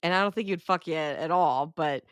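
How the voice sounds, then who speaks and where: A young woman talks through a film on a podcast in a loose, chatty way, swearing often and slipping into quick impressions of the characters. Her voice sits on the low side and sounds close and dry. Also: a bit bright, clean tone, dry recording. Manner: chatty, swears freely, acts out characters' lines. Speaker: podcast co-host. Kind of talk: casual movie review chat.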